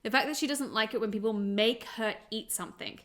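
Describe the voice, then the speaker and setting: In a casual episode-breakdown vlog, an Australian parent and show reviewer talks cheerfully about a cartoon, laughing readily as she goes. She speaks fairly quickly in a slightly high voice with a fairly bright tone.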